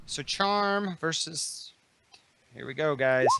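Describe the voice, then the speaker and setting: A man's voice: a little high, slow pace, creaky, noisy background. A man playing in a tabletop game, chatting casually and reacting eagerly. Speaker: player.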